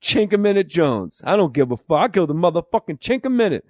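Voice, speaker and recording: A man's voice: on the high side, very animated, quick pace, darkish tone, dry recording. A man voicing a hot-tempered, boastful old man who brags and swears as he rants. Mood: heated. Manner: profane, ranting, bragging.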